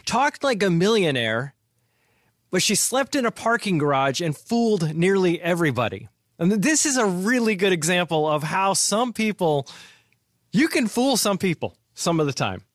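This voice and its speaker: A man's voice: high-pitched, big pitch swings, moderate pace, no echo, clean studio sound. A man hosting a finance podcast, chatting casually and laughing often as he retells stories. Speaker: podcast host.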